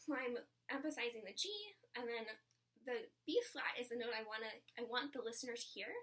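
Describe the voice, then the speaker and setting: A woman with a high, bright voice explains clarinet phrasing in an upbeat, encouraging lesson, sometimes dipping into a whisper. She sounds a little distant from the mic. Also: fairly even intonation, a little fast. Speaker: clarinet teacher.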